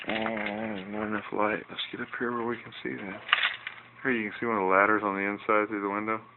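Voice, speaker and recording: A man with a very low, gravelly voice talks his way through a home hobby project in a loose, folksy ramble. He is quick to grumble. The sound is thin and tinny, like a cheap camera mic with faint hiss behind it. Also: flat delivery. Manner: rambling, folksy, easily irritated. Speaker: hobbyist showing a fish tank project. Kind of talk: casual home video walkthrough.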